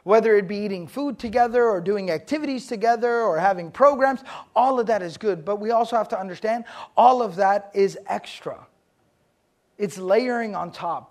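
Animated man quizzing his audience. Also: high-pitched. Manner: animated, quizzes the audience and repeats points for emphasis. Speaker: Islamic teacher. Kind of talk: religious lesson to a live audience. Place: room with a live audience.

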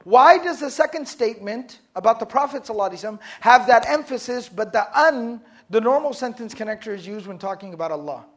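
A man's voice: very high-pitched, lively intonation, fast talker, hardly any pauses. A man teaching a class on Arabic terms, asking students questions and explaining each word step by step. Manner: quizzes the class and answers himself. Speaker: Islamic studies teacher. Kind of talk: classroom lecture.

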